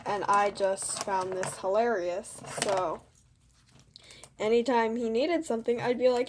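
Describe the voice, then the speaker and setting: A woman's voice: a little high, fairly even intonation, normal speed, noisy background. Rambling teenage girl telling a story. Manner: rambling, full of "like" and "you know", self-mocking. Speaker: student vlogger. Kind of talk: casual storytelling.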